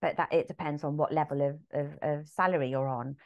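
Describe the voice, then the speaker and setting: Lively English actress telling stories. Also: female voice, sits low, a little fast, dull audio. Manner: lively storyteller, acts out quoted lines. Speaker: musical theatre actress, guest. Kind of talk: casual anecdotal chat.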